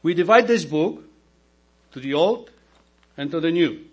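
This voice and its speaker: Slow, husky-voiced preaching man. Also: on the high side, expressive. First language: not English. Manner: slow, emphatic preaching with rhetorical questions to the congregation. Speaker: deacon. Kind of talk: sermon. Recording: mains hum in background.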